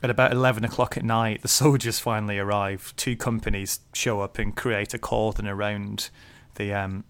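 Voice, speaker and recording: Laid-back man with a low voice. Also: flat delivery, moderate pace, few pauses, a bit bright, smooth. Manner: thoughtful, many fillers, laughs easily. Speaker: podcast co-host. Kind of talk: casual book discussion.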